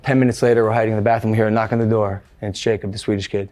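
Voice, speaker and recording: A man's voice: lowish voice, flat delivery, rapid-fire, a little mellow. A man hosting a podcast, telling a story in a casual, rambling way with lots of fillers. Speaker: podcast host.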